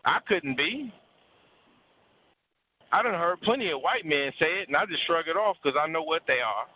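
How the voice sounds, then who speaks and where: A man with a fairly high voice lectures bluntly and preachily, swearing freely and hammering points by repeating words. He is heard over a thin, phone-like call line with little low end. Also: expressive, moderate pace. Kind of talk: casual call-in talk about relationships.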